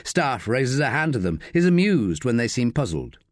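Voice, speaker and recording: A man narrating a crime audiobook in measured, scripted storytelling on a close studio mic. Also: mid-range voice, very animated, no room sound.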